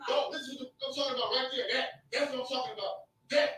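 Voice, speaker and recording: An agitated man argues fast and keeps repeating his accusations, often shouting. His voice is high and bright. It was picked up from a distance by a phone in a very echoey room. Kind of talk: heated argument filmed on a phone.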